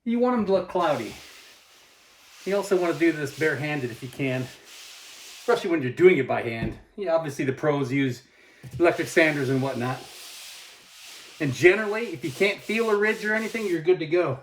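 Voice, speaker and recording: A man's voice: on the high side, a little fast, long pauses, reverberant, a little hiss or hum. A man in his thirties, hosting his own channel, talking casually to the camera while he works inside an unfinished cabin. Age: 30s. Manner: relaxed, chatty, explains steps plainly. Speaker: host of a cabin-building channel.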